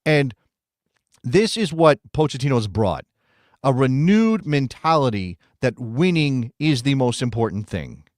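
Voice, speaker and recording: A man's voice: mid-range voice, very animated, measured pace, no room sound, clean studio sound. An American man co-hosting a casual soccer talk show, rambling and correcting himself as he talks. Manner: rambling, self-correcting, chatty. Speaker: podcast co-host.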